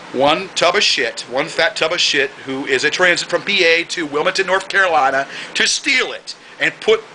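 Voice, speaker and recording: A man with a high voice rants straight to the camera, hurling insults and repeating himself. His tone is piercingly bright and cutting, and he slows right down to hammer each point home. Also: slight background noise, low-quality recording. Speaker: video blogger. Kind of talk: angry ranting monologue to the camera.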